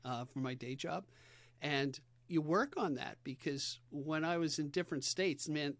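Easygoing New York podcast host. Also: male voice, fairly high pitch, a little slow, a bit bright, dry recording. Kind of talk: casual interview chat.

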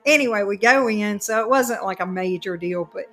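A woman with a Southern US accent telling a long, animated story in casual chat as a podcast co-host, full of fillers and frequent laughter. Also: mid-range voice, moderate pace.

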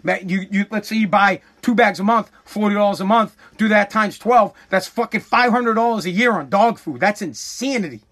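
A man's voice: high-pitched, normal speed, hardly any pauses, a bit bright. Exasperated man on a profane rant. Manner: exasperated, profane, stammering restarts. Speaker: comedic storyteller.

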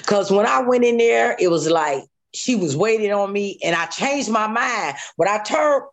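An interview guest, a woman with an expressive, medium-pitched voice, tells a harrowing story of her own at a moderate pace. It's vivid and emotional, with repeated phrases and sound effects, sharp rises and falls in her voice, and moments close to tears.

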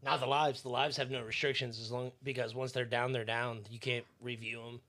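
Man, podcast co-host, crude humor, blunt, bright tone. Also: mid-range voice, flat delivery, fairly quick. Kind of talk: casual chat.

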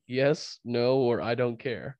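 A man hosting a laid-back sports podcast, with a cold. He laughs a lot and trips over his sentences as he rambles. His voice sits at a middle pitch and sounds close and dry. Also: takes it slowly, darkish tone, no echo, lo-fi sound. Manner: laughs often, rambling with restarts. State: fighting a cold. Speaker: podcast host. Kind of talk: casual sports podcast chat.

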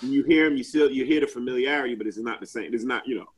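A man's voice: mid-range voice, fast, rough recording. A man in a casual group chat, talking at length with many fillers and restarts.

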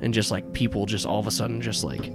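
A man's voice: fairly low pitch, lively intonation, quick pace, creaky, over music. A man narrating a tabletop game as game master, rambling with many fillers and restarts.

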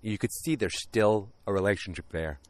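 A man casually recapping a TV episode with a deep voice and rambling, jokey asides. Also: moderate pace.

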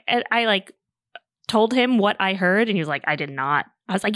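A woman's voice: medium pitch, animated, quick pace, a bit bright, no room sound, studio quality. A middle-aged woman co-hosting a podcast in casual chat, playful, retelling home arguments with rising intensity. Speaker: podcast co-host.

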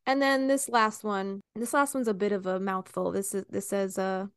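A woman's voice: medium pitch, flat delivery, moderate pace, smooth, dry recording, clean studio sound. A woman co-hosting a podcast in casual chat, playful and giggly as she reads out silly phrases. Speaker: podcast co-host.

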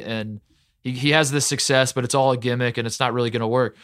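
Excitable man in rambling sports chat. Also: mid-range voice, quick pace, clean tone, dry recording, studio quality. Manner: excitable, rambling, many fillers. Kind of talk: casual sports talk.

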